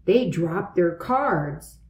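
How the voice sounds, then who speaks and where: A woman narrating a children's storybook aloud, in an expressive, lively way. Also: on the low side, drawn-out words, echoey room, dull audio, a little hiss or hum.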